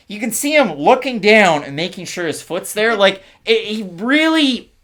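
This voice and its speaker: A man's voice: high voice, sing-song, fairly bright tone. A man co-hosting a fight preview podcast, rattling off stats and odds in a casual breakdown. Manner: stat-heavy, rapid-fire breakdown. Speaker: co-host.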